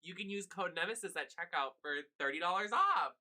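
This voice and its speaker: A man giving live commentary on a video game, excitable and profane, shrieking when thrilled. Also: sits high, a little fast. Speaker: streamer. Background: faint game music.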